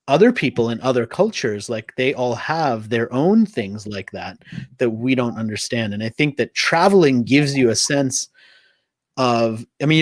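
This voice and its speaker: A middle-aged man, a podcast guest telling stories in a loose, animated way, leaning on "like" and "I mean". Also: mid-range voice, no echo. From United States. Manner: animated storytelling, frequent "like" and "I mean". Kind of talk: conversational interview.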